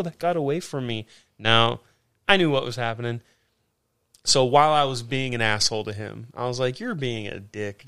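A man co-hosting a podcast, telling stories in casual chat, swearing often and acting out his own past lines in loud bursts. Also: mid-range voice, clear, resonant tone. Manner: profane storyteller, mimics himself in loud quoted bursts. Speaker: podcast co-host.

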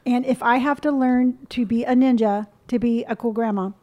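Young woman, casual chat, playful, giggly, higher pitch. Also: steady tone, normal speed, a little mellow, lo-fi sound.

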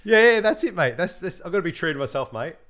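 A man's voice: a little high, fast talker. Laughing man, slangy banter. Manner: laughs often, animated and slangy. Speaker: podcast co-host. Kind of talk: casual chat.

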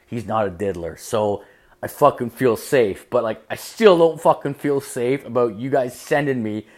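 A man's voice: medium pitch, measured pace, darkish tone. A young man telling a story in casual comedic style, rambling and profane, with constant use of "like".

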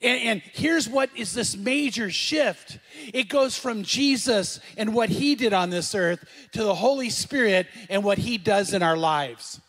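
A man's voice: high voice, animated, unhurried, fairly bright tone, big-room sound. A middle-aged man preaching a sermon to a congregation, conversational, asking the room questions and repeating key phrases. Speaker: pastor.

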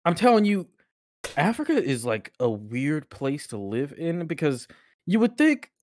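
A man's voice: on the high side, big pitch swings, measured pace, slight background noise. A man co-hosting a casual podcast, talking loosely and swearing, often laughing hard. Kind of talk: casual chat.

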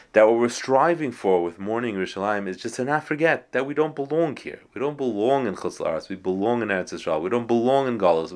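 A man giving a Torah lecture, quoting Hebrew texts and explaining them in English, with frequent fillers. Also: fairly low pitch. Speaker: Torah teacher.

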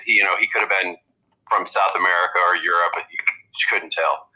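Low-voiced guy guesting on a podcast, very bright sound, rambles and restarts a lot. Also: steady tone, rough recording. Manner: rambling, halting with many restarts. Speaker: guest comedian. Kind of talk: casual podcast chat.

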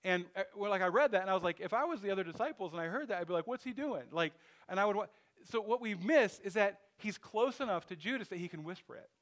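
A man's voice: high voice, lively intonation, quick pace, fairly bright tone. A man preaching a sermon in a loose, conversational way, thinking aloud with restarts and asides. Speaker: pastor.

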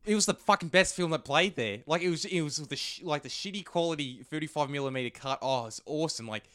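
A man's voice: fairly high pitch, fast talker, a bit bright, dry recording, clean studio sound. A man chatting casually, rambling with lots of restarts and fillers, swearing freely. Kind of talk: casual chat.

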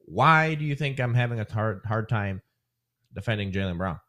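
A man's voice: lowish voice, animated, moderate pace, sharp tone. Joking, profane male podcast host. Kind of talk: casual sports chat.

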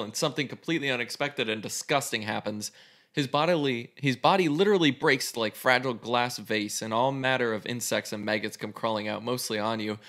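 A man's voice: mid-range voice, fairly quick, a bit bright. A man casually reading an interactive adventure story aloud as host, with a loose, swearing delivery. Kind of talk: reading a choose-your-own story aloud.

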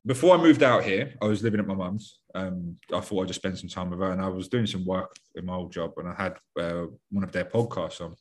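A man's voice: sits low, fairly quick, few pauses. A young British man talking casually on a podcast, rambling and blunt, with lots of fillers and swearing. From United Kingdom.

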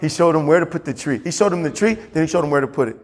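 Man preaching with a long echo. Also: very fast. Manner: animated preaching, rising high when acting out scripture. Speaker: pastor. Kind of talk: sermon. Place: church.

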